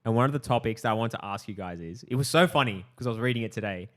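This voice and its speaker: A man's voice: lowish voice, rapid-fire, a bit bright. A man hosting a podcast, chatting casually with friends, laughing often and swearing freely. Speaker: podcast host. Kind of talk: casual chat.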